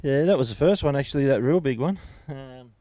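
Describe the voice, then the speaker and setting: A man's voice: mid-range voice, lively intonation, a little fast, warm tone, no echo. A man, a tournament angler, answering in a laconic, understated way.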